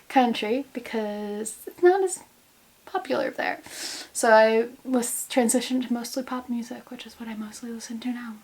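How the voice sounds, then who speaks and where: A young American woman in her twenties chatting casually to camera at home, rambling and goofy, joking about herself. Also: on the high side. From United States. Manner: rambling, goofy, self-mocking. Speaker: vlogger, grad student. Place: indoors at home in quarantine.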